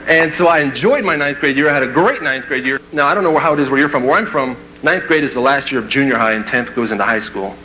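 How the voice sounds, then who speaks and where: A man with a voice on the high side tells a funny personal story to an audience as a motivational speaker, talking fast with hardly any pauses. Bursting with energy, he acts out the voices and laughs at his own story. The recording is low quality, with slight background noise.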